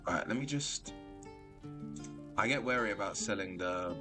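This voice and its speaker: A man giving casual commentary while streaming a video game. He is animated and excitable, and he laughs often. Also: lowish voice, moderate pace. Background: game music.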